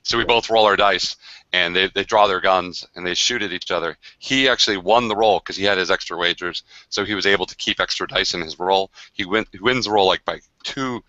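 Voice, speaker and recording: A man with a deep voice and a bright, forceful edge tells a long game anecdote in a loose, chatty way, full of fillers and restarts. The sound is dry and a little dull, like a video call. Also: a little fast, no room sound. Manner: rambling, many fillers and restarts, animated. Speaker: game designer on a livestream. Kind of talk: casual storytelling of a game session.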